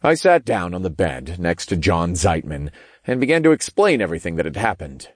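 A man narrating an audiobook in the first person, with lively, expressive storytelling. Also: deep voice, a little fast, no echo, studio quality.

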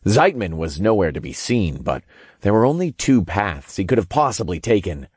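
A man narrating a first-person novel in a steady storytelling manner with casual swearing. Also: fairly low pitch, moderate pace, slightly rough, dry recording. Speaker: audiobook narrator.

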